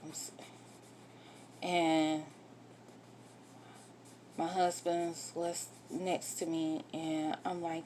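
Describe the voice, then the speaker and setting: A woman's voice: deep voice, flat delivery, drawn-out words, long pauses, mellow, slight background noise. A woman candidly telling a personal story in a vlog, getting emotional and swearing when upset. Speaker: vlogger telling her own story.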